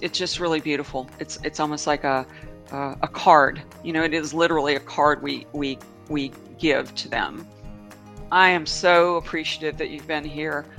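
A woman hosting a show, talking casually and reading aloud in a heartfelt, gentle way. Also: sits low. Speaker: host.

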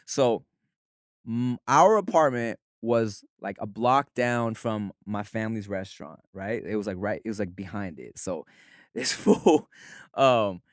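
A man's voice: lowish voice, animated, unhurried, no echo, clean studio sound. A young man from Southern California, co-hosting a podcast and telling casual stories with swearing and laughter. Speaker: podcast co-host. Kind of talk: casual storytelling chat.

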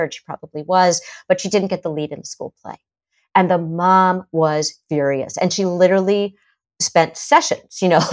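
A middle-aged woman psychotherapist in a podcast interview, talking animatedly and acting out parents' voices. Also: sits low. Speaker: psychotherapist guest.

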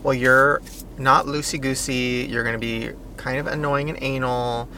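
A man's voice: mid-range voice, level tone, normal speed, pushed and bright, a little hiss or hum. A man co-hosting a casual podcast chat, talking in a dramatic, joking way. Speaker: guest co-host.

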